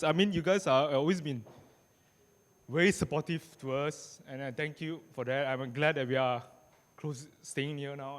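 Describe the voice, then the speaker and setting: A young man giving a halting, emotional groom's speech at a beach wedding, restarting often and adding "right?" as he goes. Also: fairly high pitch, smooth, long reverb tail. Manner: halting, many restarts and tag questions. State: tearful. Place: outdoor beach wedding venue.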